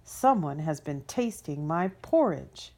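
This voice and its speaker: A woman voicing a big, gruff male papa bear in a storybook reading. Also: sits low, sing-song, slow pace, dark tone, heavily acted. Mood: grumpy.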